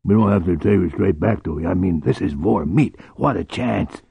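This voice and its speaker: Man doing lewd corporal, wheedling, gravelly, husky, audiobook. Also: sits low, moderate pace, no room sound, muffled recording, pitched below the performer's own voice, full character voice. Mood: leering. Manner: wheedling, suggestive. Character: lewd leering male soldier, corporal. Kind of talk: audiobook character voice.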